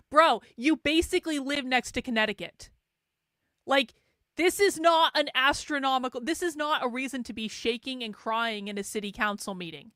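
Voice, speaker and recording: A woman host with a bright, forceful tone and a slightly raised pitch. She talks bluntly and sarcastically about the clips she plays. Her voice sounds close and dry. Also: normal speed, dry recording. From New Hampshire, USA. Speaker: show host reacting to clips. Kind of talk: casual commentary.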